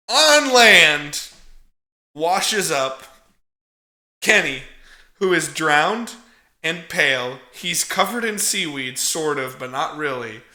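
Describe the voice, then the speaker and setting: A man's voice: a little high, sharp tone, echoey room. A man casually recapping a film as a podcast co-host, swearing freely and laughing as he tells it. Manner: profane, chuckling storyteller.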